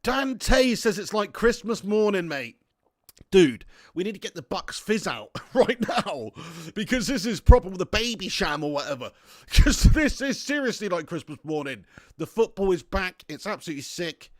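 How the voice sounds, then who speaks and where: A man's voice: high voice, sing-song, normal speed, no room sound, clean studio sound. A man hosting a casual football watch-along stream, rambling through jokey banter and laughing often as he reads out viewer chat. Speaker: livestream host reading viewer chat.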